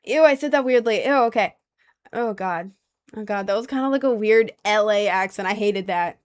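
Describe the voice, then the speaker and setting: A young woman with a low voice, chatting casually on a livestream and reading out comments, playful and giggly. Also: moderate pace. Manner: playful and giggly, with sudden squeaky bursts.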